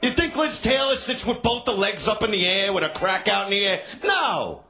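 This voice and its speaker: A man's voice: sits high, big pitch swings, moderate pace. A crude, taunting insult comic, man. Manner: crude, taunting, shouts and laughs at hecklers. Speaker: stand-up comedian. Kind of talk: crowd-work insult comedy.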